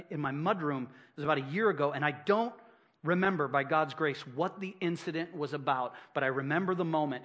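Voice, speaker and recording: Middle-aged male pastor with a high voice, preaching with emphatic repetition. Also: a bit bright. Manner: emphatic, repeats phrases for effect. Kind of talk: sermon.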